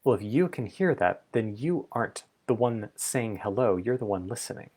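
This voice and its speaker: Low gravelly man musing aloud. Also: expressive, normal speed, a little mellow. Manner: thoughtful, exploratory, playful asides. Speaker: vlog host. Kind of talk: reflective solo talk on spirituality.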